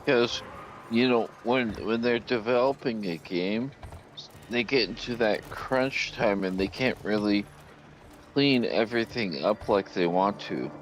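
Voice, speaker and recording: A man's voice: on the low side, unhurried, a little hiss or hum. A man chatting casually on a gaming stream, giving long rambling explanations with frequent restarts. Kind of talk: casual chat.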